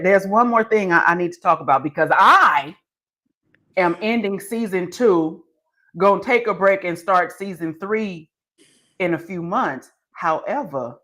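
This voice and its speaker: Lively teasing woman host. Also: mid-range voice. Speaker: podcast host. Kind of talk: casual interview chat.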